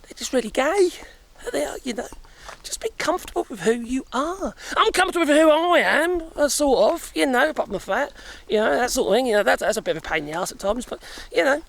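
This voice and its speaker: A man's voice: very high-pitched, lively intonation, fast talker, creaky, fairly bright tone. A middle-aged man from Europe chatting casually outdoors while walking in the woods, out of breath, rambling, swearing and chuckling often. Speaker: vlogger.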